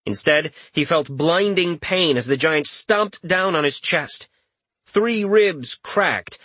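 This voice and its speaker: A man's voice: medium pitch, fairly bright tone, no echo. A man narrating a fantasy story as an audiobook, telling it steadily and swearing freely in the prose, on a close mic.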